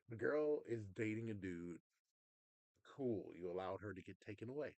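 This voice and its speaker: A man's voice: lowish voice, dry recording. A man ranting casually to his audience, rambling in a frustrated way, swearing and stepping into little quoted asides. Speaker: vlogger. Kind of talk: casual rant to camera.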